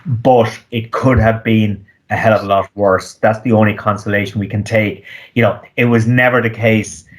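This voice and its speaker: Low-pitched guy talking economics in an interview, lots of ums and restarts, measured. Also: fairly even intonation. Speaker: economist guest. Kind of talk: conversational interview answers.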